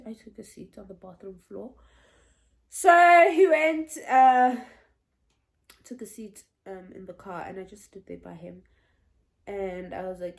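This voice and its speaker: A woman in her twenties telling a personal story to her viewers in a chatty, animated way. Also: medium pitch, normal speed. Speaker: vlogger. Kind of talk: story time vlog.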